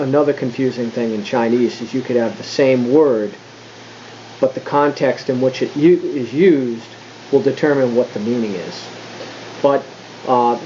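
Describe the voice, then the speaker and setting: A man talking casually through a vlog lesson, thinking aloud with fillers and restarts, and slowing right down when he demonstrates tones. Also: mid-range voice, dark tone, dull audio, slight background noise. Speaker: language learner explaining Mandarin tones.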